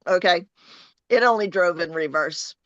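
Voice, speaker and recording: A woman's voice: on the low side, normal speed, fairly bright tone, no room sound, highs cut off. A woman in her fifties telling an anecdote as a talk show guest, laughing often. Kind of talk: casual chat.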